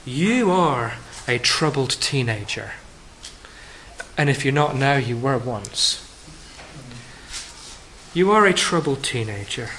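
A man preaching a sermon to a congregation, addressing them as friends, rising for emphasis and dropping soft and low on key phrases. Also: animated, slow pace, long pauses, slight background noise, low-quality recording.

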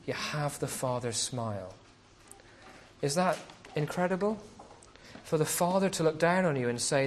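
A man's voice: on the high side, animated, moderate pace, slight background noise. A man preaching a sermon as a pastor, speaking conversationally and often asking rhetorical questions.

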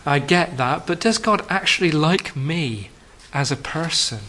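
A man preaching a sermon to a congregation, addressing them as friends, rising for emphasis and dropping soft and low on key phrases. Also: lively intonation, unhurried, low-quality recording.

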